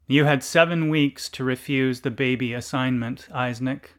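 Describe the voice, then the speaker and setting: A man reading a literary story aloud in a deliberate, deadpan narration. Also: mid-range voice.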